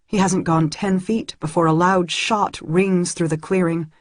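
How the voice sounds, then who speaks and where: A woman's voice: on the low side, fairly even intonation, measured pace, dry recording, clean studio sound. A woman reading a first-person novel aloud in an earnest way that rises when the story grows tense. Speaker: audiobook reader.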